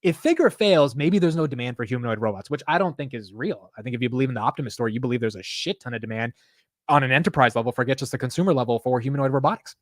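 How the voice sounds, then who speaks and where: A man hosting a live stock market stream, talking excitedly and profanely straight to his chat. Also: mid-range voice, racing, no echo, clean studio sound. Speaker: stock market livestream host. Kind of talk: casual live market commentary.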